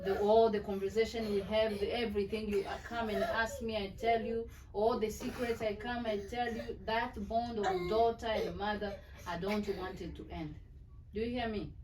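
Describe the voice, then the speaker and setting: A middle-aged woman, a mother lecturing her children at a family meeting in a firm, earnest way. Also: medium pitch. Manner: firm, earnest, repeats "do you hear me". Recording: distant mic with faint background noise.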